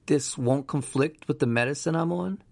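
A man voicing an anxious, frightened patient in a hospital bed, with a gravelly voice. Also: a little high, moderate pace, no room sound, voice pushed up. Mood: weary.

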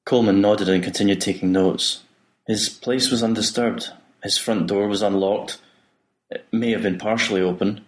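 Man, audiobook narration, measured, very low voice. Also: steady tone.

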